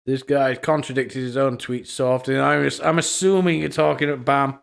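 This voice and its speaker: On his live stream, a young man comments on social media posts with mockery, profanity and frequent laughter. His mid-range voice is clear and resonant, with vocal fry, fairly even intonation and normal speed.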